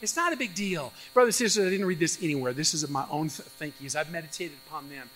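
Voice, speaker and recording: A male pastor preaching an expository sermon, animated, acting out the voices of doubters with sudden jumps in pitch and loudness. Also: quick pace, a little hiss or hum, poor audio.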